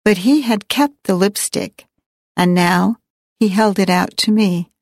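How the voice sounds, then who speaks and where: Woman narrator for a literary audiobook, reflective and wry, unhurried, dry mic. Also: mid-range voice, a little mellow, no room sound. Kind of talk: first-person audiobook narration.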